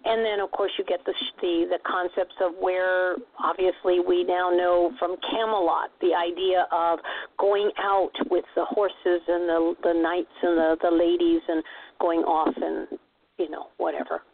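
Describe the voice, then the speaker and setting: A woman's voice: lowish voice, little pitch movement, measured pace. A woman co-hosting a radio show, chatting casually and rambling with restarts. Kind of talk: casual chat. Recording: tinny phone-like radio sound.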